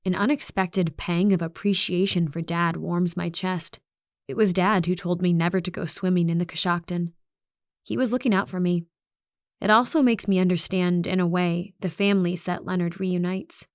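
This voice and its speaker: Low-voiced woman narrating an audiobook. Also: normal speed, dry recording, clean studio sound. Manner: even, reflective, steady delivery. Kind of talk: first-person audiobook narration.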